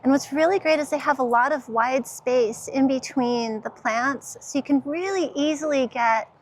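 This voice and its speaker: A woman's voice: sits high, normal speed, slight background noise. A woman vlogging her walk through an outdoor garden center, gushing with enthusiasm and laughing easily, recorded on a handheld camera. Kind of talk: casual walk-through vlog.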